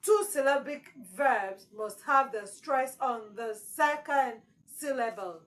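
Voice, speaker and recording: A woman's voice: sits high, takes it slowly, rough recording. A woman teaching exam prep, repeating key words with strong emphasis. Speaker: English teacher.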